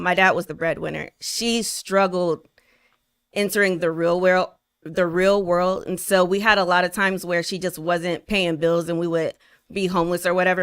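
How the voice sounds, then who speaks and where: A woman's voice: on the low side, a bit bright, clear, resonant tone, dry recording, studio quality. A woman guest on a podcast, candidly telling her life story in casual talk, leaning on "like" as she goes. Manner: open storytelling, many "like" fillers. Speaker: podcast guest, spiritual consultant.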